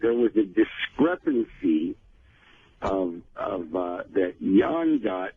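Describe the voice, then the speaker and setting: A man who is a regular on a radio show, bantering casually and egging a caller on, with a husky voice. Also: deep voice, slow pace, a little hiss or hum. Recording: dull lo-fi radio broadcast.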